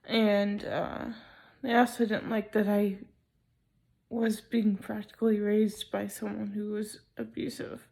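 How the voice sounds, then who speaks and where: A young woman talking slowly in a casual personal vlog, hesitant with many pauses and ums, sounding sleepy and not fully awake. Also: mid-range voice, flat delivery, creaky, a little mellow. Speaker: vlogger.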